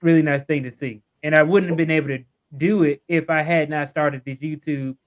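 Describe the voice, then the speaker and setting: A man's voice: fairly high pitch, steady tone, fairly quick, narrow, tinny audio. A man guesting on a live podcast, talking in a rambling, upbeat way with lots of fillers. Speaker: guest YouTuber. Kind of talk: casual interview chat.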